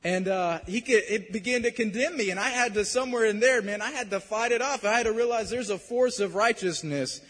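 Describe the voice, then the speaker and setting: A young man preaching a sermon, talking earnestly and conversationally, then suddenly building to loud emphasis. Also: high voice, a little fast, few pauses, big-room sound.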